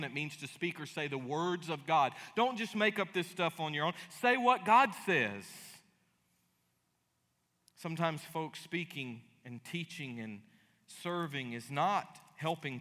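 A middle-aged man, preaching a sermon as pastor. He acts out dialogue in lively voices and breaks into sudden loud bursts. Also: on the high side. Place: church sanctuary. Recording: long hall reverb.

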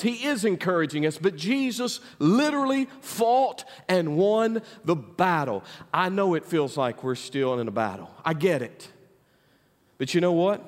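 A man preaches a sermon to his congregation in a high, ringing voice. His delivery is full of call-and-response, rising loud and then dropping to a hush. The sound rings with the long echo of a church hall. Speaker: pastor.

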